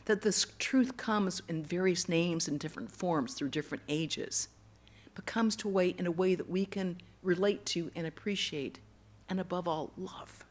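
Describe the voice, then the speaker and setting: A woman giving a temple lecture, telling stories earnestly and going soft and hushed on tender words. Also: fairly low pitch, moderate pace. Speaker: monastic lecturer. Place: temple hall.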